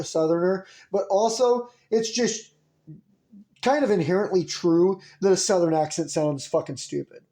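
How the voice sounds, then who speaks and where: A man riffs through a comedic monologue with a sarcastic, rambling delivery. His voice sits a little high. He gets animated as the bit builds. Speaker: podcast host.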